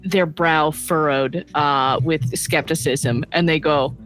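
A woman's voice: sits low, steady tone, slow pace, a bit bright, soft background music. A woman narrating a tabletop role-playing game as game master, joking with her players. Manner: playful, jokey.

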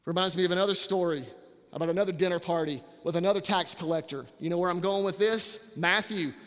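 A male campus pastor preaching a sermon in an animated, joking way, repeating words for emphasis. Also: high-pitched, fast talker, long reverb tail.

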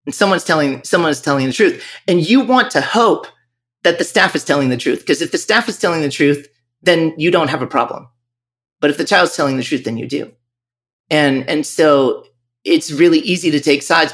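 A man's voice: on the high side, fairly bright tone. A man who owns a music school, speaking candidly and reflectively in a podcast interview, often restarting his sentences. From northern Virginia.

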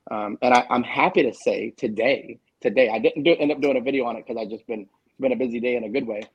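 Gravelly husky guy in his 40s, swears a lot, blunt and fired up, casual group chat. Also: medium pitch, fast, highs cut off. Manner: candid and profane, emphatic. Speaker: guest author.

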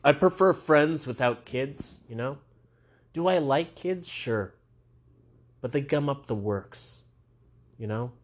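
A man's voice: medium pitch, slow pace, long pauses. A young man doing a rambling stand-up monologue, meandering and self-mocking, with frequent asides. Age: young adult. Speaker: stand-up comedian.

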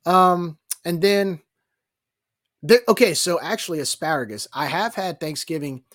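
A man from New Orleans, co-hosting a casual sports podcast and telling stories in an animated, joking way. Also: a little high, unhurried, no echo, clean studio sound. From New Orleans, Louisiana. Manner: animated, jokey storyteller. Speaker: podcast co-host.

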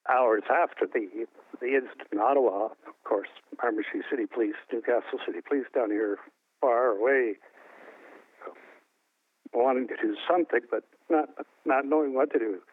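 An older man from New Brunswick, Canada, recalling a personal story in an interview, halting with many restarts. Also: mid-range voice, no room sound, phone-quality sound. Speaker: interview guest. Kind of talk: emotional personal recollection.

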